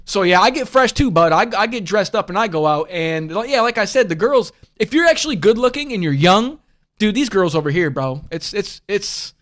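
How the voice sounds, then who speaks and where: A man with a notably high voice hosts a loose livestream podcast. He rambles, swears freely and keeps calling his listeners bud and bro. He speaks bluntly and comes back to the same points again and again. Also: animated, normal speed, a bit bright. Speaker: podcast host. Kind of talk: casual livestream podcast chat.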